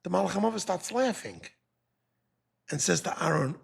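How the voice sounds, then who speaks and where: Male rabbi, Torah class, raspy voice, lively pitch, dramatizing. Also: normal speed. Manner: animated, dramatizing the text.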